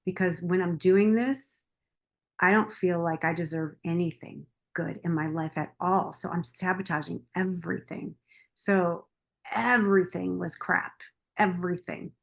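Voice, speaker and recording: A woman's voice: lowish voice, fairly even intonation, unhurried, gravelly. Candid woman coach telling her story. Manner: open and confessional, quoting her past self. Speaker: podcast guest, coach. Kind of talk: candid personal story in a podcast interview.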